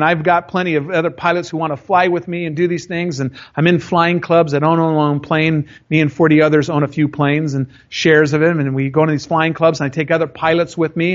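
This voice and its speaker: Animated high-voiced pastor preaching. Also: male voice, dull audio. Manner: animated, joking storyteller. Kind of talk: sermon.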